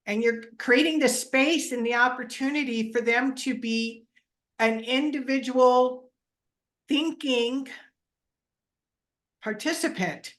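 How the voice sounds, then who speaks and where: A woman's voice: on the high side, a bit bright. A woman hosting an interview, reflecting on and affirming what her guest says. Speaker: interview host. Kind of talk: casual interview chat.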